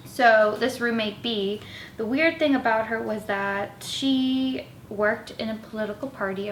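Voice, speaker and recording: A woman's voice: mid-range voice, a little hiss or hum. A woman in her twenties telling roommate stories in a casual, chatty storytime style, with lots of "like" fillers. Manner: chatty, animated, many "like" fillers. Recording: echoey room.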